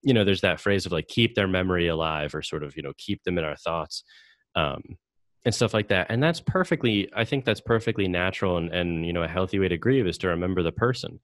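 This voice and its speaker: A very low-pitched man hosting a casual podcast conversation. He talks hesitantly, leaning on fillers and restarting his sentences. The sound is close and dry, with no room behind him. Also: animated, a little fast, no room sound. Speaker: podcast host.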